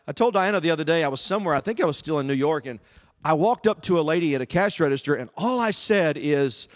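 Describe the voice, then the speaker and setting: A middle-aged man with a Southern US accent, preaching as a guest speaker in humorous, animated storytelling. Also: on the high side, fast. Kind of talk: sermon. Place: church service.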